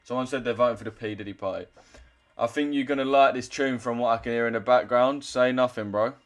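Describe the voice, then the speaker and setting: A man's voice: medium pitch, steady tone, fast talker, soft background music. A young man chatting casually on a trading livestream, loose and chatty, swearing now and then as he reads out chat.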